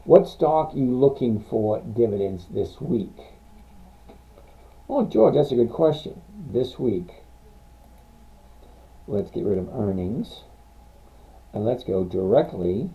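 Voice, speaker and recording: A man's voice: lowish voice, lively intonation, takes it slowly, long pauses. A man hosting a casual live stream, answering viewer questions about stocks and reading figures off charts in a blunt, rambling way. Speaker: livestream stock trading host. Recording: tinny phone-like sound.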